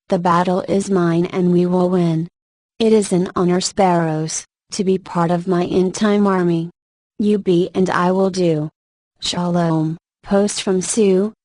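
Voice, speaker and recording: A woman reading prophetic religious messages aloud in a slow, measured, even devotional manner. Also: medium pitch, no room sound.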